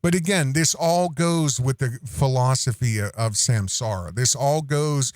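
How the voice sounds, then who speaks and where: A man hosting a podcast, telling a rambling casual story and jumping up high in pitch when he imitates a small child. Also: measured pace, no echo, studio quality. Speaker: podcast host.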